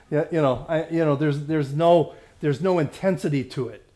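A man teaching a Bible study as a pastor, halting with many fillers and restarts, stressing points emphatically. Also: fairly high pitch, warm tone.

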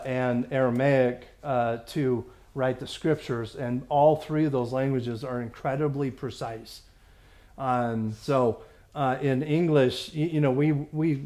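A man teaching a Bible study as a pastor, halting with many fillers and restarts, stressing points emphatically. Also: medium pitch, a little mellow.

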